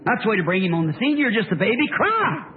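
A man preaching a folksy sermon, dropping to soft asides and rising to shouted cries. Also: high-pitched, animated, very fast. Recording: tinny old lo-fi tape with faint hiss.

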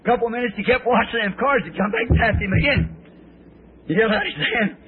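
A middle-aged male preacher in a sermon, telling folksy stories in a rambling, drawn-out way. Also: very high voice, animated, slight background noise. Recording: tinny, lo-fi old sermon tape.

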